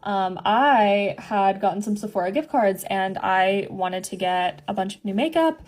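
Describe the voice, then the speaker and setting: A woman's voice: mid-range voice, expressive, a little mellow. Chatty young woman doing a makeup storytime. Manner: chatty, quick asides. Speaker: get-ready-with-me creator.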